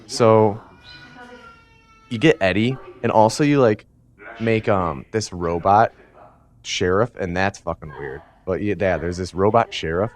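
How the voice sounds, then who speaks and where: A man's voice: low-pitched, measured pace, long pauses. A man giving a rambling, comedic retelling from memory, full of fillers and casual swearing. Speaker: storyteller. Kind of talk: rambling comedic recap of a video game from memory.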